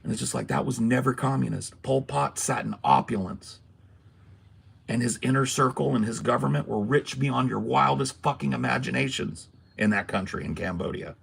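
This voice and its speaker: A man's voice: mid-range voice, normal speed, gravelly, slightly rough. A man hosting a casual podcast, talking emphatically in a ranting, swearing style. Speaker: podcast host. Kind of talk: casual political podcast talk.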